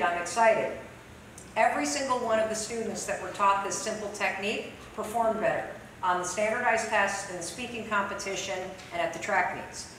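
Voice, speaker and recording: A woman's voice: a little high, a bit bright, slight background noise. Woman speaker coaching a crowd, punchy and direct, big echoey hall, mic kinda far off. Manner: emphatic, direct, conversational. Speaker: motivational speaker. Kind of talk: live training talk to an audience.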